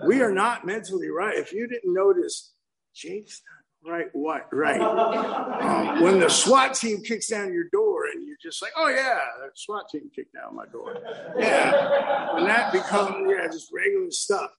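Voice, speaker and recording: A man's voice: sits high, expressive, a little slow, vocal fry, a bit bright, poor audio. A man in his fifties telling his recovery story at a meeting, acting out the quotes with lots of animation. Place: meeting room.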